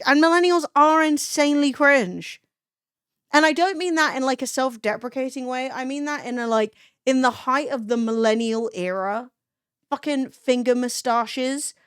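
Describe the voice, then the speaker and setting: A woman in her thirties chatting casually to a live stream, blunt and profane, slipping into lively impressions of herself. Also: high-pitched, clear, resonant tone, no room sound, clean studio sound.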